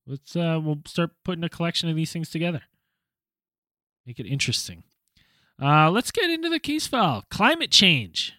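Young podcast guy reading a spooky story, kinda high sharp voice, dry mic. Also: big pitch swings, moderate pace, no echo. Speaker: podcast host. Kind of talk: reading a listener story, then casual chat.

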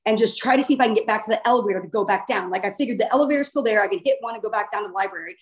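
A young woman casually and animatedly recounting a vivid dream, informal and quick to swear. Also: medium pitch.

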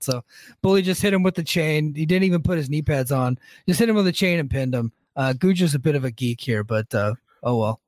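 A man's voice: a little high, no room sound, clean studio sound. A man co-hosting a wrestling podcast, recapping events in a loose, joking way with frequent laughs. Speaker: podcast co-host.

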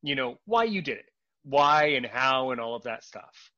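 A man's voice: medium pitch, lively intonation, moderate pace, sharp tone, muffled recording. A man hosting a podcast, greeting listeners in an enthusiastic, playful manner. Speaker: podcast host. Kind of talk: casual podcast chat.

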